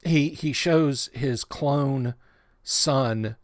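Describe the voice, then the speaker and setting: A man's voice: medium pitch, extremely slow, dry recording, clean studio sound. A man hosting a livestream, chatting casually in a rambling way and often stumbling over and repeating words. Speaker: livestream host of a tabletop game channel.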